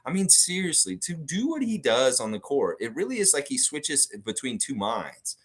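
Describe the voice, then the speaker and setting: This American host of a live sports fan show has a mid-range, slightly rough voice with a sing-song lilt and a moderate pace. He keeps his live stream commentary casual, emphatic and blunt, swearing frequently.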